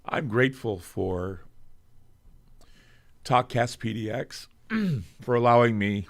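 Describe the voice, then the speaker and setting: A man's voice: mid-range voice, animated, slow pace. A middle-aged American man hosting his show, speaking in an emotional monologue to viewers, choking up as he talks, earnest and heartfelt. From United States. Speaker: radio show host.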